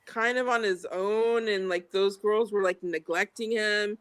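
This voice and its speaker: A woman's voice: mid-range voice, steady tone, unhurried, smooth. A woman chatting on a live stream, a laughing storyteller who acts out the people she quotes. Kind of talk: casual chat on a live stream.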